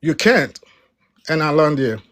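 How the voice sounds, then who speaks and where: An emphatic man from Africa speaks on a heated debate panel. His voice sits a little high for a man, and he repeats words and presses his points hard. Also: very animated, unhurried, a bit bright. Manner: emphatic, repeats words when cutting in, rising pitch on key points.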